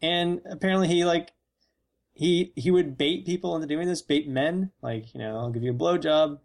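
A man co-hosting a casual comedic chat, cracking deadpan jokes and acting out mock quotes. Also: on the high side, normal speed, gravelly.

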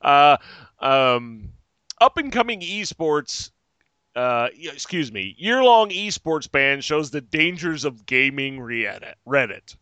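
A man rants profanely on a podcast in a bright, forceful voice with a smooth, crisp tone. The recording is dry and close, with no room sound. He is sarcastic and keeps going off on tangents. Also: a little high, sing-song, takes it slowly, no echo, dull audio. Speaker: podcast host. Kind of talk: casual ranting chat.

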